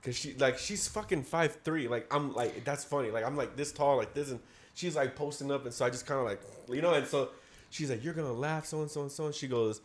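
A man's voice: medium pitch, brisk. A teenage man telling a story in casual chat among friends, swearing and laughing as he talks. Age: teens.

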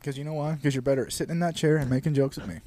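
A man's voice: on the high side, steady tone, very fast, mellow. A young man co-hosting a podcast in casual, crude, joking banter. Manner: crude, joking, slips into mock accents. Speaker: podcast co-host. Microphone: studio microphone.

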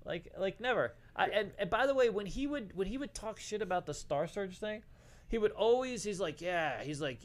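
A man's voice: high-pitched, lively intonation, moderate pace. A middle-aged man telling casual stories as a co-host on a livestream, swearing and saying "dude" a lot. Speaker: podcast co-host.

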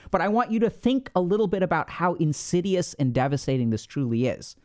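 Guy with a high voice talking casually, acts out what your head says, keeps saying right. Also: a little fast. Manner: animated, acts out inner voices, lots of "like" and "right?". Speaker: podcast host. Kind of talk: casual explanatory talk.

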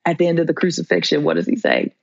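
A woman's voice: low-pitched, very animated, racing, a little mellow, no room sound, highs cut off. A woman, a trauma therapist as guest, teaching in a fervent, preacherly way and repeating lines for emphasis. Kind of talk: impassioned sermon-like teaching.

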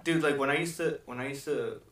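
A young man co-hosting a podcast in a casual chat, telling stories animated and cursing often. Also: medium pitch, fast, a little hiss or hum. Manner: swears a lot, animated storytelling. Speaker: podcast co-host. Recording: echoey room, mic far off.

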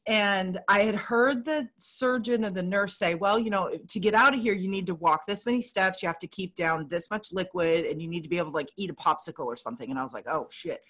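A woman's voice: mid-range voice, fairly quick, hardly any pauses, fairly bright tone. A woman chatting casually, candid and dramatic as she tells a personal story. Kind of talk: casual chat about surgery recovery.

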